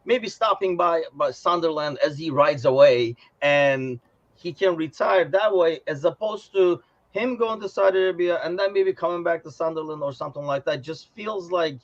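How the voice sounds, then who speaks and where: A man rambling through a casual football chat on a podcast. He talks in an animated way and laughs now and then. The audio sounds a little dull and lo-fi. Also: a little high, normal speed. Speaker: podcast co-host.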